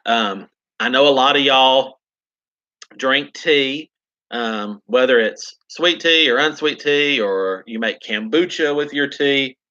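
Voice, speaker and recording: Bright-voiced South Carolina drawl, chatty man. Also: mid-range voice, highs cut off. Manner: chatty, upbeat, drawling, reads and answers viewer comments. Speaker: gardening channel host. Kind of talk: casual live-stream chat.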